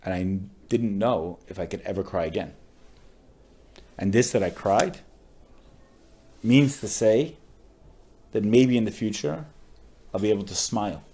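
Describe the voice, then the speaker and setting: A male rabbi with a lowish voice tells a story on a podcast. He sounds heartfelt and uses a lot of casual fillers. At the saddest moments his voice falls almost to a murmur. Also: a little slow, long pauses, warm tone, slightly rough. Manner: emotional storyteller with frequent "like" fillers.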